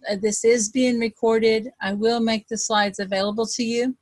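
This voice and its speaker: Texas lady coach on a video call, talks fast and chatty, lots of ums, dry close sound. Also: fairly high pitch, level tone, darkish tone, no room sound. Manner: self-described fast talker, chatty with many ums. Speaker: wealth coach leading an online group. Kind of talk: casual webinar teaching.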